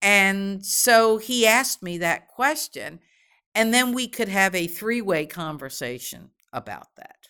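A middle-aged woman answering interview questions in a gentle, measured, explanatory way, as a guest expert on children and grief. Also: mid-range voice, lively intonation, clear, resonant tone.

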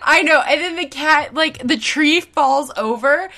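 A woman's voice: high-pitched, measured pace, crowd noise. A woman co-hosting a podcast, telling rambling stories in casual chat, full of fillers and swearing. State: tired from insomnia. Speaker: podcast co-host.

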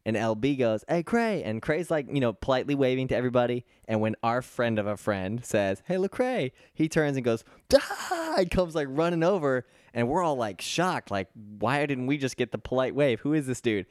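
A man co-hosting a podcast, telling stories in an animated, self-deprecating way. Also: medium pitch, brisk, hardly any pauses, no echo, studio quality. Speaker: podcast co-host. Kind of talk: casual conversation, storytelling.

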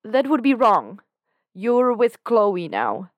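A woman's voice: mid-range voice, lively intonation, slow pace, dry recording, highs cut off, voice pushed up. A woman voicing an anxious, guilt-ridden young man who speaks hesitantly and pleadingly.

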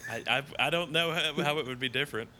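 A man's voice: fairly high pitch, quick pace, bright, forceful tone, slight background noise. A man hosting a podcast, chatting casually and teasing his guest with frequent laughs. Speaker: podcast host. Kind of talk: casual joking chat.

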